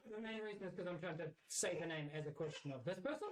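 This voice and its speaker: A woman with a New Zealand accent playing a tabletop game, lively and playful. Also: on the low side, fast talker, noisy background. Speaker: player.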